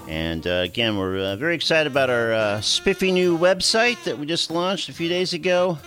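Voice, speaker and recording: A man hosting a radio talk show in a studio, lively and hesitant with many fillers. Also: on the high side, moderate pace, faint music behind.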